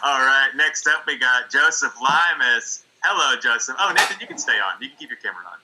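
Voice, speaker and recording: A man's voice: medium pitch, lively intonation, a little fast, bright, forceful tone, slight background noise, low-quality recording. A man co-hosting a comedic online game show over a video call, laid-back and chuckling, with lots of fillers. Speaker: co-host.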